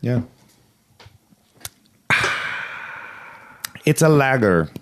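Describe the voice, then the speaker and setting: A man's voice: medium pitch, sing-song, drawn-out words. Rambling, joking male podcast host. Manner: joking, rambling, with restarts and laughs. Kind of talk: casual chat.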